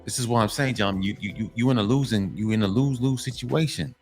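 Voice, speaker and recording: A man with a fairly low, darkish voice talks at a quick pace over soft background music. Hosting his own commentary channel, he lectures men in a blunt, profane monologue, emphatically repeating his points.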